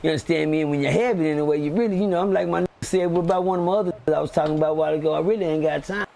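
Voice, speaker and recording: A man telling a street story on a live stream, animated and acting out the voices of the people in it. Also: a little high, very fast, gravelly, slight background noise. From Texas. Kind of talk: casual storytelling.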